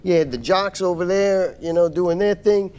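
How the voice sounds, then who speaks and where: A man's voice: high-pitched, moderate pace, a little mellow, slight background noise. Blunt, profane male podcast co-host. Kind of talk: casual banter.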